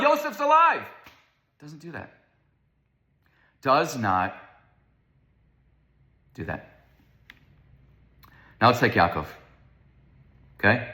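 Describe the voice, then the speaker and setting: A man's voice: very high voice, pushed and bright. A man teaching a Torah lecture, speaking emphatically, asking rhetorical questions and repeating words for stress. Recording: roomy echo.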